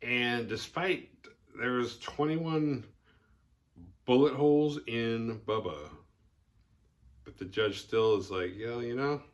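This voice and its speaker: A man's voice: medium pitch, takes it slowly, pauses often. A man hosting a podcast who gives a casual, rambling movie recap, often chuckling and acting out quotes. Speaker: podcast host.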